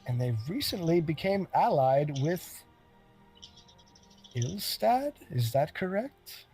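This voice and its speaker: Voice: medium pitch, big pitch swings, slow, warm tone, soft background music, low-quality recording. A tabletop game player speaking casually and unhurriedly.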